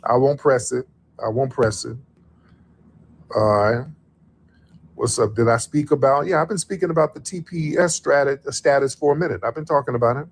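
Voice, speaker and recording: A man's voice: medium pitch, normal speed, slight background noise. Male livestream host taking callers, easygoing drawl, says things twice. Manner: loose, drawling, repeats phrases. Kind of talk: casual call-in livestream chat.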